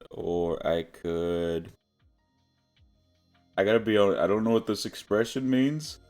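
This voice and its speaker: A young man chatting casually while streaming a game, rambling and often breaking into high-pitched laughter. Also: unhurried, pauses often, darkish tone, soft background music. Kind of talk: casual livestream gaming chat.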